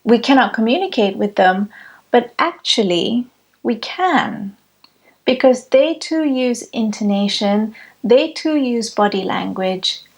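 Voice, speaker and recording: Slow, measured woman speaker. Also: mid-range voice, a little mellow. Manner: measured, deliberate phrasing. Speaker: spiritual speaker. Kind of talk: reflective teaching talk.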